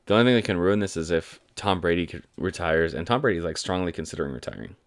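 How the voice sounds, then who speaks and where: Low-voiced young man talking football. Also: lively intonation, fast, dry recording, clean studio sound. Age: 20s. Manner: chatty, enthusiastic fan rambling. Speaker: sports commentator. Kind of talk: casual sports talk monologue.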